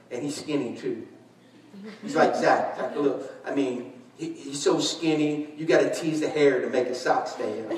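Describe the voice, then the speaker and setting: A man preaching a sermon, telling stories animatedly, shouting and laughing as he acts out conversations. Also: medium pitch, moderate pace, crowd noise. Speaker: pastor. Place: large church hall. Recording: echoey church hall, distant mic.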